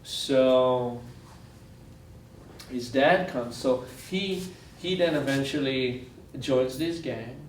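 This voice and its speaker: Drawing out his words in a mid-range voice, an Israeli man gives a storytelling lecture as a guest lecturer, earnest and fond of repeating phrases for weight. He was captured from far away in a university lecture room, with reverb and a faint hiss or hum.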